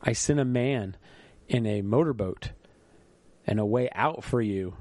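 A man's voice: mid-range voice, unhurried, a little mellow, no room sound, close to an everyday voice. A man voicing God as a patient, reproachful heavenly father figure.

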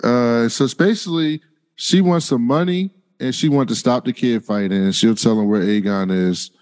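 A man's voice: medium pitch, normal speed, darkish tone, in a large hall. A man co-hosting a podcast, recapping the episode in a laid-back, hesitant way. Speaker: podcast co-host.

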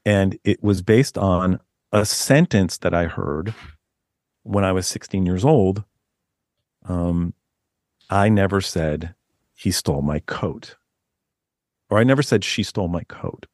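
Low-voiced man telling animated stories. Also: measured pace, pauses often, dry recording, studio quality. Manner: rambling, animated storyteller with many restarts. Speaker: author guest. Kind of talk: casual podcast interview.

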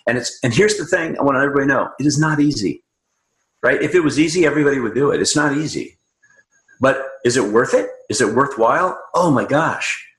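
A man's voice: medium pitch, expressive, a little fast, fairly bright tone, reverberant. A man speaking as a guest coach in a casual interview, upbeat, emphatic and motivational.

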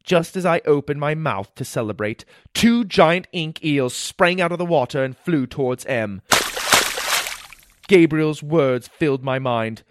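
A man's voice: a little high, unhurried, very noisy. Man narrating an adventure storybook. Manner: animated, voices sound effects.

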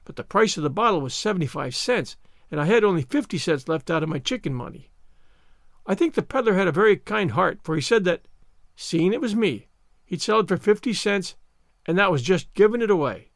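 A man's voice: sits high, animated, fairly quick, gravelly, dry recording, clean studio sound. A man voicing a dramatic, wordy young girl in a storybook reading, pleading in a theatrical manner. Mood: earnest. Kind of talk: audiobook character reading.

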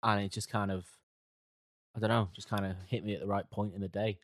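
Low-voiced man, hesitant and trailing. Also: flat delivery, fairly quick. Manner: hesitant, trailing off, mumbling softly. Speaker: podcast co-host reviewing music. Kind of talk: casual chat.

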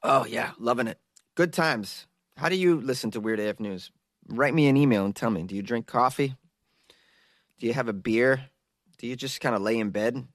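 A man's voice: mid-range voice, normal speed, no echo, studio quality. A man hosting a comedy news podcast, rambling jokily and often laughing at his own remarks. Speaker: podcast host. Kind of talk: casual comedic news commentary.

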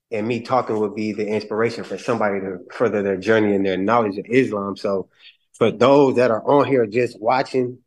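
A man calling in to a group call, speaking encouragingly with many fillers. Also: medium pitch. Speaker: caller.

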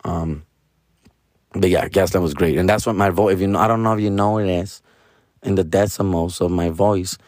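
Man, 40s, hoarse and raspy, low voice, swears a lot, slangy casual monologue, dry close sound. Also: fairly even intonation, normal speed, a little mellow, no room sound. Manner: profane, slangy, keeps tagging lines with fool and bro; mixes in Spanish slang. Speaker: comedian.

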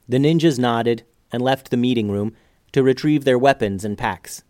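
A man narrating an adventure storybook in a steady, measured way. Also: mid-range voice, dry recording, clean studio sound.

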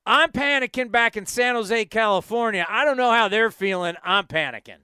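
Excitable bright-voiced man in his fifties. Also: high-pitched, normal speed, clean tone, no room sound, clean studio sound. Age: 50s. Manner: excitable, storytelling, self-mocking. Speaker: sports radio host. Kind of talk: casual sports talk.

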